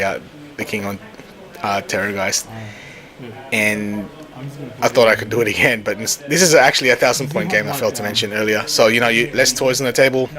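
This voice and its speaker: A man casually explaining a tabletop wargame as he plays, often stopping and restarting his phrases. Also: mid-range voice. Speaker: tabletop wargame player recording a battle report. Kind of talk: casual explanatory narration over a tabletop game. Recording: chatter from a crowd in the background.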